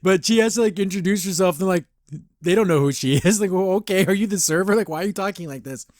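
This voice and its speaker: A man's voice: sits high, fast, darkish tone, dry recording, clean studio sound. A man hosting a podcast, giving a casual, rambling review of a cartoon episode, acting out the characters' lines and laughing often. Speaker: podcast host.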